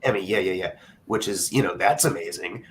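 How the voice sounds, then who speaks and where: A man's voice: sits low, fairly quick, crowd noise, rough recording. A young man in casual film chat as co-host, rambling with many fillers and restarts.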